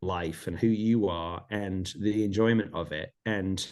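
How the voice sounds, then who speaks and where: A man's voice: low voice, steady tone, unhurried, darkish tone. A man, a golf coach and podcast guest, telling his personal story with earnest reflection and acting out remembered conversations.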